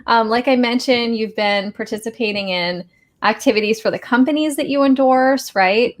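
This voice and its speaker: A woman hosting a casual interview, enthusiastic and quick to affirm her guest. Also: on the high side. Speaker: host.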